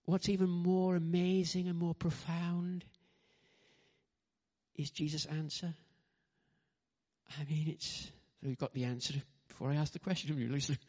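A man preaching a sermon as pastor, animated, acting out quoted lines, with frequent restarts and asides. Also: on the high side, normal speed, long pauses.

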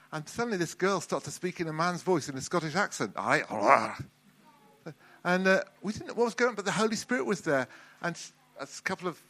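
A middle-aged man preaching a sermon in a relaxed, conversational way, often restarting and repeating words. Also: on the high side.

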